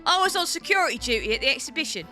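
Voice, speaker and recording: A woman's voice: high-pitched, sing-song, racing, sharp tone, faint music behind. A woman playing through a story game with friends, reading a police inspector in a broad, jokey working-class London voice and laughing often. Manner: giggly, puts on a Cockney-style police inspector voice. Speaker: let's-play commentator. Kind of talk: playful group playthrough with put-on character voices.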